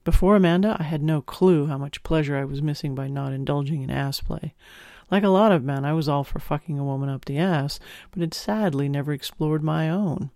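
Male audiobook narrator, first person, intimate and expressive, gravelly edge, dead-dry close mic. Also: on the high side, fairly quick, few pauses, no room sound.

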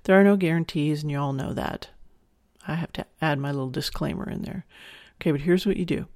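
A woman's voice: deep voice, brisk, darkish tone, no room sound, clean studio sound. A woman in her forties hosting a solo podcast, talking frankly and chattily as she gives instructions. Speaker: podcast host. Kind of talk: candid solo podcast talk.

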